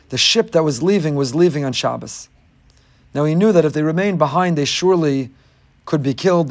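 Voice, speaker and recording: A rabbi gives a Torah lecture in a voice that is fairly high for a man, alternating between reading Hebrew passages and explaining them in plain English. Whenever he poses a rhetorical question, his voice rises for emphasis.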